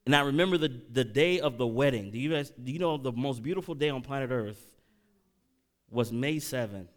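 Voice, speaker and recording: A middle-aged man delivering a sermon in a lively, animated way. His voice rises and falls widely as he tells stories and keeps asking the congregation whether they are following along. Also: medium pitch, brisk. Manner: animated preaching, audience call-outs, emotional storytelling. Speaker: pastor.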